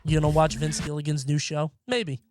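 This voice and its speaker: A man's voice: on the high side, steady tone, a little fast. A young man streaming and chatting casually, rambling and swearing offhandedly. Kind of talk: casual live-stream chat. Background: faint music.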